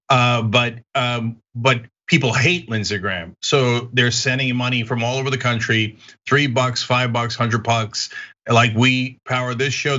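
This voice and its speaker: A man's voice: medium pitch, pushed and bright, dull audio. A man hosting a political commentary show, talking in a combative, mocking way.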